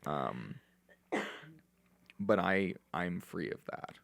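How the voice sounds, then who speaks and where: A man guesting on a podcast, giving reflective advice in a relaxed, meandering way with frequent restarts. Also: deep voice, extremely slow, vocal fry, dry recording. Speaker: podcast guest, recovery mentor.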